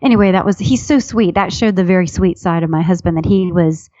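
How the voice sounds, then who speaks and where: A woman's voice: fairly low pitch, a little fast, no echo, highs cut off. Chatty woman telling funny stories. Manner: chatty, animated storyteller who restarts sentences. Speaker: author and comedian guest. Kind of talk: casual storytelling interview.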